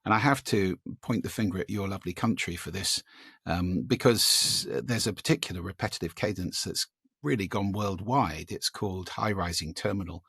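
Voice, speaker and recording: A man with a gravelly, husky voice sits down for an interview and explains his ideas with lively, demonstrative energy. His voice sits fairly low, and the sound is dry and close. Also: normal speed, no echo. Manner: animated, demonstrative, gives vocal examples. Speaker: guest, speaker on voice and listening.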